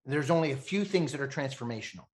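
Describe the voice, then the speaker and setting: A man in his fifties from Canada, a podcast guest telling animated stories, laughing often and acting out the voices of people he quotes. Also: mid-range voice, quick pace. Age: 50s. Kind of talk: animated storytelling.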